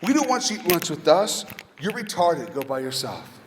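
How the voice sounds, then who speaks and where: Man putting on a mocking teen girl, loud, cruel, high, echoey hall. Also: sing-song, normal speed, a little hiss or hum. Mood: jeering. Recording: echoey hall, faint ambience.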